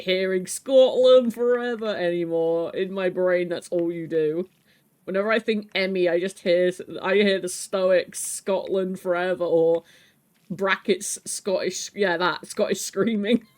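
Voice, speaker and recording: A streamer chatting casually with viewers from home, teasing, swearing and laughing often. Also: medium pitch. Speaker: live streamer. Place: home, with a pet rabbit.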